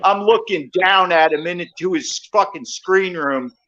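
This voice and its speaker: A man on a casual call, telling a heated story in profane, worked-up bursts with loud shouted quotes. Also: high voice, unhurried, highs cut off. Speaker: call-in guest.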